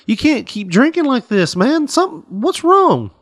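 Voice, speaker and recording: A man doing a high, pleading exasperated buddy. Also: sing-song, normal speed, dry recording, clean studio sound. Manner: raised, pleading, high-pitched. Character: exasperated male friend of the farmer, pleading.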